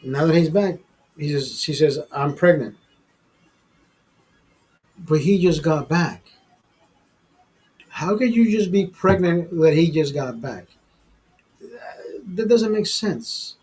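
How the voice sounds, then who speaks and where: A man's voice: a little high, slow pace, long pauses, darkish tone, breathy edge, rough recording. A man hosting a live stream, telling a personal story in a rambling, profane way full of fillers and restarts. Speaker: show host telling a story. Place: studio.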